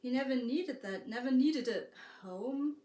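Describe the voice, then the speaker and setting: A woman with a German accent narrating a storybook tale slowly and softly, as a harpist and storyteller. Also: sits high. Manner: slow, soft-spoken storytelling. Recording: roomy echo, distant mic.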